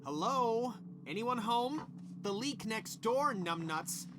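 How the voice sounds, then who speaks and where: A short-fused, sarcastic lab boss. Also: male voice, very high voice, expressive, takes it slowly, noisy background, full character voice. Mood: angry sarcastic. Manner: snapping, sarcastic insults, then stiff apologies. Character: irritable middle-aged male lab boss, hungry and short-tempered. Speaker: senior scientist.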